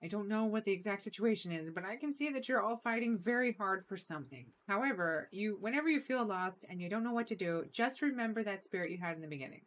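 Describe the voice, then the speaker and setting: A woman reading the lines of a wise old man in a video game, calm and measured as he gives advice. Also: medium pitch, lightly acted.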